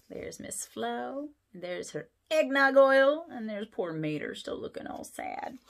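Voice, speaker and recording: Animated woman pastor reading to kids. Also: fairly high pitch, unhurried, gravelly, few pauses. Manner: animated storytelling, asides to kids. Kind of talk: reading a picture book to children.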